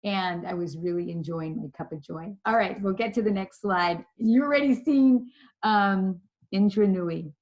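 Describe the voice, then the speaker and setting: A woman presenting a leadership lesson from her slides. She tells her stories in a chatty, animated way, her voice at an ordinary middle pitch. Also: normal speed, muffled recording. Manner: storytelling, chatty, animated retelling. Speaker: leadership trainer.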